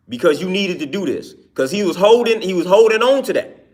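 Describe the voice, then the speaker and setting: Earnest man talking straight, slightly high voice. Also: lively intonation, brisk. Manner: earnest, repeats "man" and "you know what I'm saying". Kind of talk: casual monologue.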